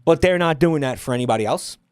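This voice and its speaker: A man's voice: a little high, animated, quick pace, a little mellow, smooth, no room sound. A man streaming and ranting at his chat, exasperated and swearing often. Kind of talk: casual stream rant.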